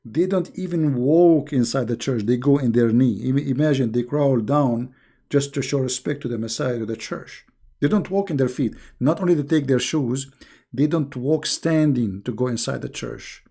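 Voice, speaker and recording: A medium-pitched man with a gravelly, mellow voice and a breathy edge hosts a live stream answering viewer questions at a moderate pace. He tends to scold emphatically, repeating words each time he restarts.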